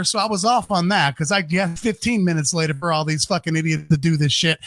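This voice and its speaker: Profane ranting man, bright high voice. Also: steady tone, fairly quick, few pauses, dry recording. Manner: heated, swears constantly, repeats himself. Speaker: podcast co-host. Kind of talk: profane comedic rant. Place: home studio during a live stream.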